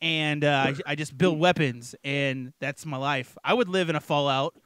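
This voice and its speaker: A young man co-hosting a crude late-night podcast, loud, joking and swearing constantly. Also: fairly high pitch, normal speed, clear, resonant tone, no room sound. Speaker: co-host.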